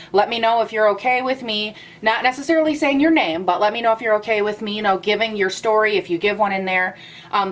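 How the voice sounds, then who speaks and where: A young woman chatting casually to her camera at home as a vlogger, animated and a bit out of breath, with playful rants. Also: medium pitch. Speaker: beauty vlogger.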